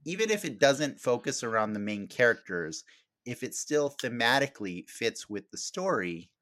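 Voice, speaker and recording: A man's voice: medium pitch, sing-song, normal speed, a bit bright, dry recording, studio quality. A man hosting a podcast, chatting casually and rambling, with many fillers and restarts. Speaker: podcast host.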